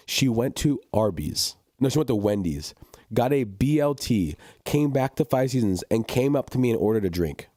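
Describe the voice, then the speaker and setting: A man's voice: mid-range voice, lively intonation, moderate pace, mellow, no room sound, studio quality. A young man co-hosting a casual chat, telling a work story with laughs and restarts. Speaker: podcast co-host.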